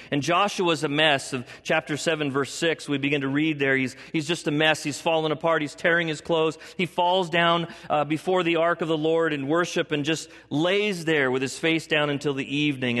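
A man's voice: fairly high pitch, fairly bright tone. A male pastor preaching a sermon, acting out the voices of biblical figures with dramatic shifts. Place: church sanctuary. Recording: long reverb of a large hall.

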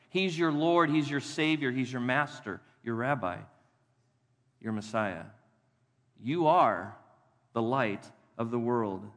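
A male pastor preaching a sermon, emphatic, repeating key phrases and slowing down to read scripture. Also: mid-range voice, lively intonation, fairly bright tone. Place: church sanctuary. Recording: long reverb of a church hall.

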